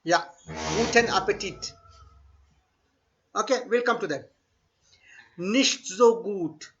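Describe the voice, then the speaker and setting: A high, bright-voiced man runs an online German lesson. He says each phrase slowly and more than once, then explains it in with bits of Hindi. The audio is dull and lo-fi, like a remote class. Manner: slow repeated model phrases, mixes English and Hindi. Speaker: German language teacher.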